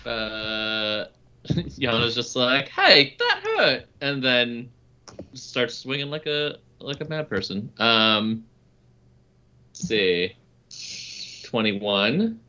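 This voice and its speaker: A man playing a tabletop game who speaks in an unhurried, hesitant way, with many fillers and laughs. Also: mid-range voice, sharp tone, clear, resonant tone. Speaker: player. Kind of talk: casual tabletop play. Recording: dull lo-fi mic.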